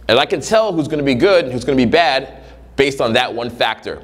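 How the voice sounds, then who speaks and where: A male dating coach talks in a loose, foul-mouthed coaching monologue. His pitch swings widely as he acts out scenes from his students' lives, dropping into voices for them. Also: fast, faint music behind. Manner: profane, animated, acts out scenarios in voices.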